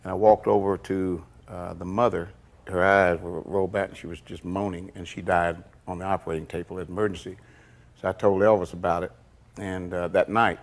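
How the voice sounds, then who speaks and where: Older man, low-voiced storyteller. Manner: folksy, unhurried, slips into quoted dialogue. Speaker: interviewee recalling past events. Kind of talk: documentary interview storytelling.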